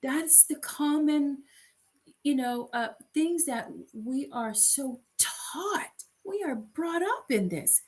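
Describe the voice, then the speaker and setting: An American woman co-hosting a podcast in casual chat, animated and acting out little voices. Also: sits high, slow. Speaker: podcast co-host.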